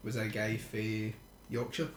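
A man's voice: fairly low pitch, completely flat delivery, measured pace, noisy background. A man chatting through a movie commentary, trading trivia and laughing often. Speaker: commentary co-host. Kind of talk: casual movie commentary chat. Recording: roomy echo.

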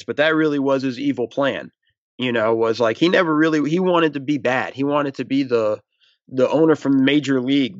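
A man's voice: medium pitch, dry recording, lo-fi sound. A man, a former team staffer, talking as a guest in a casual interview, rambling with fillers. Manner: rambling, many fillers and restarts.

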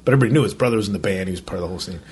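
Low, darkish, and slightly rough, this male podcast co-host rattles off a casual story at rapid-fire speed. He swears without restraint, says "like" constantly, and performs other people's dialogue.

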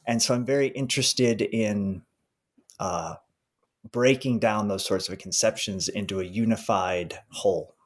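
A man being interviewed as a history professor, speaking in a measured, thoughtful way with some fillers. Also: fairly low pitch. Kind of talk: casual academic interview.

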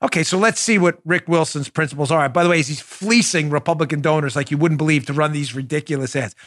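A man's voice: a little high, fast talker, a bit bright, dry recording, clean studio sound. A middle-aged man hosting a political commentary podcast, talking in a sarcastic, mocking and emphatic way. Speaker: podcast host, former police officer.

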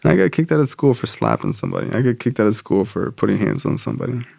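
A man's voice: mid-range voice, wildly swooping pitch, fast talker, creaky, darkish tone, slightly rough, no echo, clean studio sound. A man sharing his recovery story in profane, casual, slangy talk. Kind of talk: personal storytelling.

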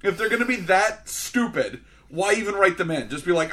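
Man, high voice, bright tone, sarcastic, ranting movie review, acts out scenes. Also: sing-song, normal speed. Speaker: podcast co-host. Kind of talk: casual movie review chat.

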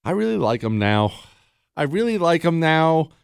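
Animated, wisecracking male talk radio host. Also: on the high side, normal speed, creaky, clean tone, dry recording, clean studio sound. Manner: animated, sarcastic, bantering with producers. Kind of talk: casual talk radio monologue. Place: dry radio studio. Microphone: studio microphone.

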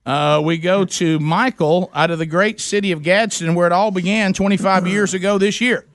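A man hosting a morning radio call-in game, loud and exuberant, breaking into shouted chants. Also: high voice, steady tone, normal speed, no echo, clean studio sound. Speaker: radio host.

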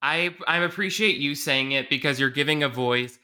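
Bright-voiced chatty male podcast host. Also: medium pitch, moderate pace. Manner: chatty, self-deprecating. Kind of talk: casual chat.

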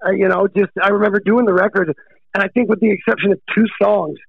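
A middle-aged American rock drummer being interviewed, excitable, laughing often and calling people dude. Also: male voice, high voice, fast talker, vocal fry, slightly rough, dry recording, narrow, tinny audio. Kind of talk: casual interview chat.

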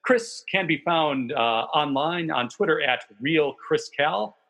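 A man hosts a casual baseball podcast, and his voice has a husky, breathy texture. He talks in a chatty, enthusiastic way and keeps things loose with the occasional swear word. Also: on the high side, lively intonation, measured pace, fairly bright tone. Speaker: podcast host.

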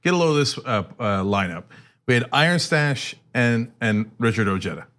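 A middle-aged man talking politics with a co-host in a loose, chatty way. His pitch swings widely as he gets animated, and he slips into little voices to act out what others said. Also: normal speed. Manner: animated, acts out quotes. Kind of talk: casual political chat.

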